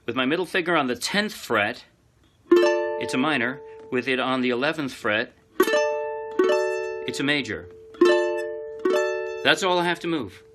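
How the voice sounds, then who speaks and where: Man, ukulele teacher, casual tutorial, chatty and relaxed, middle pitch, loud ukulele under the voice. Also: unhurried, long pauses, over loud music. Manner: relaxed, chatty, explains step by step. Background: loud ukulele playing.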